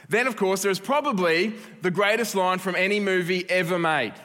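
A man's voice: fairly high pitch, bright, forceful tone, in a large hall. A man preaching a sermon as pastor, conversational and with joking asides.

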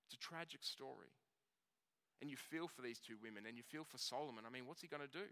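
Guy preaching, chatty storyteller, slows on the big words, smooth clear voice. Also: mid-range voice, sharp tone. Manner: conversational storytelling, slowing on key words. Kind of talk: sermon. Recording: long reverb of a hall.

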